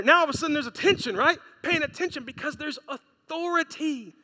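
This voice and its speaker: A man's voice: very high voice, a little fast. A man in his thirties preaching a sermon, telling stories and acting out the lines of the people in them. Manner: storytelling, animated, acts out quotes. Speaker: pastor. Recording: long reverb of a large hall.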